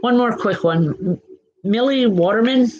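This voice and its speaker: A psychic medium with a fairly high, slightly mellow voice talks a little slowly while giving live spiritual readings on her show. She comforts viewers by name, restarts often, leans on fillers, and checks in with "okay?", all captured in dull audio.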